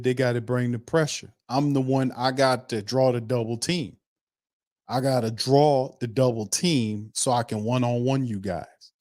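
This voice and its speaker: A man's voice: mid-range voice, darkish tone, dry recording. Man, sports talk host, emphatic, repetitive, dry close sound. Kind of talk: casual commentary on a played interview clip.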